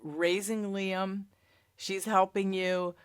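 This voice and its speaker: A woman hosting an interview, asking affirming, gentle questions. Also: mid-range voice, little pitch movement, slow, clear, resonant tone, no room sound, studio quality. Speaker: interviewer, host.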